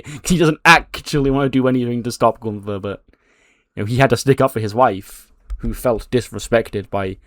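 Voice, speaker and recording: Casual, animated male game narrator. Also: on the low side, no echo, studio quality. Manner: casual, animated, swearing, many fillers. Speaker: game streamer. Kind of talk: recapping a wrestling booking game.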